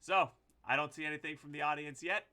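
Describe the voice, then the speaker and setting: A man's voice: on the high side, steady tone, fast, pushed and bright. A man co-hosting a casual podcast chat, joking and mocking himself. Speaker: podcast co-host.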